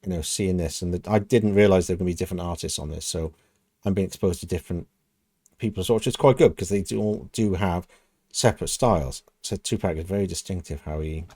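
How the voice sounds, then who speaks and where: A man's voice: low-pitched, quick pace, darkish tone, husky, no echo, clean studio sound. A man hosting a music reaction video, thinking aloud in a casual, musing way with frequent "kind of" and "you know". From United Kingdom.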